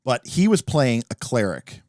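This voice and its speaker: A man hosting a livestream, explaining tabletop game rules in an animated, emphatic casual way with some profanity. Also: mid-range voice, measured pace, no echo, clean studio sound. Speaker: podcast host. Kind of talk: livestream talk about tabletop games.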